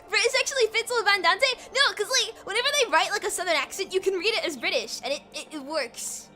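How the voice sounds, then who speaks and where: A young woman streamer chatting casually and playfully, giggling and excitable while reading a game aloud. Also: very high-pitched, fairly quick, over music.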